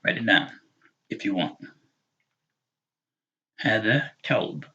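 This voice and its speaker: Husky man teaching a slow lesson. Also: on the low side, lively intonation, sharp tone, muffled recording. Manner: patient, repeats words slowly for learners. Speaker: Arabic teacher. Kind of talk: live online language lesson.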